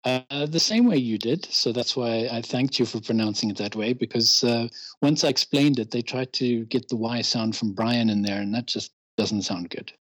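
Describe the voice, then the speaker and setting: A man's voice: medium pitch, normal speed, breathy edge, no echo, rough recording. A man, a guest in a casual podcast interview, chatty and self-deprecating, given to ranting. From England.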